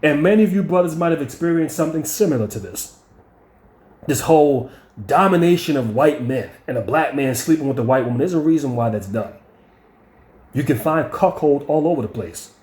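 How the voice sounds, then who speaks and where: A man's voice: on the high side, lively intonation, fairly quick, a little mellow, echoey room. A man telling stories and ranting bluntly, with heavy profanity and words repeated when he gets heated. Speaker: channel host. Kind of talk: profane storytelling rant.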